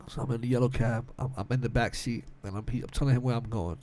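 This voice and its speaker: A man's voice: medium pitch, fast talker. A young man telling a rambling story on a casual podcast, laughing often and acting out the other people in it. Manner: animated, laughs often, acts out quotes with cursing and slang. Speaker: podcast co-host.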